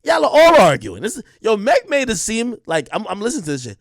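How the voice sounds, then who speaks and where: A man's voice: high-pitched, wildly swooping pitch, quick pace, dry recording, clean studio sound. A man giving blunt, profane reaction commentary to an interview clip, talking straight to his viewers.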